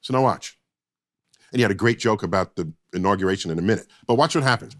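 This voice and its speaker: A man in his sixties, a guest, telling anecdotes in lively casual chat and acting out what others said. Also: fairly low pitch, fast. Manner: lively anecdote telling, acts out quoted lines. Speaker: guest, astrophysicist. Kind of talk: animated storytelling in casual chat.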